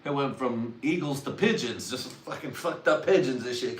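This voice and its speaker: A man's voice: mid-range voice, normal speed, hardly any pauses, a little hiss or hum. A man doing crude, rambling comedy on a livestream, swearing freely and laughing at his own jokes. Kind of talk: crude stand-up riffing on a livestream. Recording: roomy sound, distant from the mic, faint ambience.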